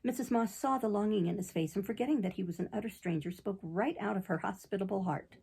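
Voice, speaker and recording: A woman narrating a classic novel as an audiobook in steady storytelling delivery. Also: medium pitch, fast, creaky, husky, poor audio.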